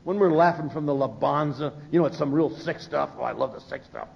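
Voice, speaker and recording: An older man at a recovery meeting, telling funny stories and acting out the voices of the people he quotes. His voice sits a little high for a man. The live recording sounds muffled and lo-fi. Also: a little fast, vocal fry. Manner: humorous, animated, acts out quoted voices. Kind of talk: storytelling talk from a podium.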